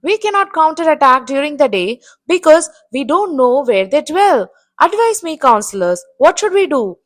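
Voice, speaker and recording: A crow king who gives orders with an anxious edge, voiced by a woman reading aloud. His voice is high and moves a lot. He fits a bedtime fable. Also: big pitch swings, normal speed. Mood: commanding. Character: worried commanding male crow king.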